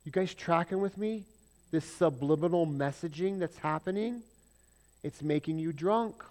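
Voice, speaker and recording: A man preaching a sermon, asking his congregation questions and swinging between loud emphasis and soft asides. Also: fairly high pitch, normal speed. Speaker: pastor.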